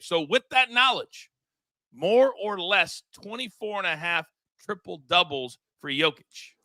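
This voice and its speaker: Bright-voiced energetic male sports host. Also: high voice, a little slow, no room sound. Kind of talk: sports betting show chat.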